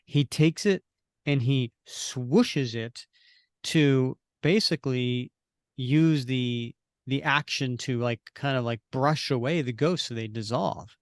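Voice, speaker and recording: A man co-hosting a podcast, recapping a comic panel by panel in casual chat and acting out the characters' lines with animated bursts. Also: mid-range voice, slow, no room sound, clean studio sound. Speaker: podcast co-host.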